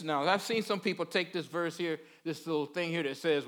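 A man's voice: a little high, a little fast, few pauses, fairly bright tone. A man giving a conversational sermon in a folksy way. He repeats words and keeps checking in with his listeners. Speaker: preacher.

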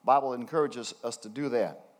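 An older man preaching a conversational sermon, reading scripture slowly between folksy, chuckling asides. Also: medium pitch. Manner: folksy, chuckling asides, slows down to read verses.

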